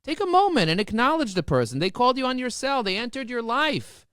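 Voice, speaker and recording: A man's voice: extremely high pitch, a little fast, smooth, no echo, clean studio sound. A man telling stories with great enthusiasm as a guest in a podcast interview. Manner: enthusiastic, excitable storyteller. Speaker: business guest.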